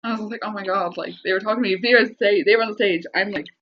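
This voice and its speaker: A woman, telling a rambling story on a live stream, with many restarts and excited repeats. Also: mid-range voice, rapid-fire, a little hiss or hum. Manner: breathless, repetitive, excitable retelling. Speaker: livestreamer. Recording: dull lo-fi livestream audio.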